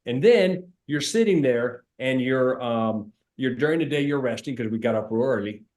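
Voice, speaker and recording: A middle-aged man who owns an insurance agency, giving a casual sales training talk in an emphatic, animated way and repeating points for stress. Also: medium pitch, normal speed.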